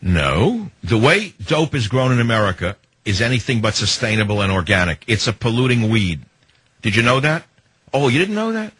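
A man hosting a talk radio show, delivering a sarcastic, heated political monologue in a raspy voice. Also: medium pitch, sing-song, moderate pace, a bit bright, dry recording.

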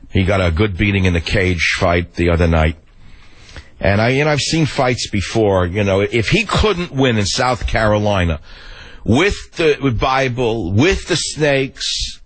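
An older man from the Bronx, hosting talk radio in a gruff, rambling monologue full of animated asides. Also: medium pitch, no room sound, poor audio. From the Bronx, New York.

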